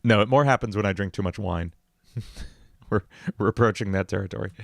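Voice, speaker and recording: A man's voice: fairly low pitch, a little fast, gravelly, no echo. A man hosting a casual music livestream, talking in a rambling way with many fillers and laughing easily.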